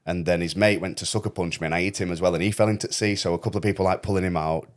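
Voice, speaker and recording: A young man who talks fast in a low voice. He tells his story in casual podcast chat, full of swearing and quoted voices. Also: steady tone. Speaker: podcast host.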